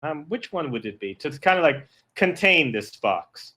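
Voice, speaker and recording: A man's voice: on the high side, big pitch swings, moderate pace, sharp tone. A man narrating a tabletop game as game master, rambling with many fillers and restarts.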